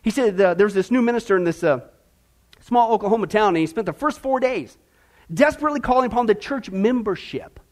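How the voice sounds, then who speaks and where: High-voiced fervent preacher man. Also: a little fast. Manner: fervent preaching, swinging between low emphatic lines and high excited runs. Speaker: pastor. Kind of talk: sermon.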